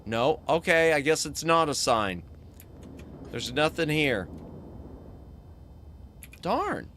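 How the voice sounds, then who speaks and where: Brief: bright, slightly high male VTuber, casual game commentary, chatty. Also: lively intonation, measured pace, slight background noise. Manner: chatty, thinks aloud, thanks chat often. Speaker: VTuber streamer.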